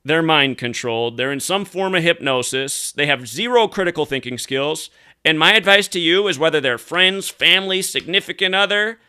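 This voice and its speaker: Bright, crisp-voiced ranting man. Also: on the high side, expressive, moderate pace. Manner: angry, profane, emphatic ranting. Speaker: conspiracy commentary host. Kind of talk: ranting solo commentary.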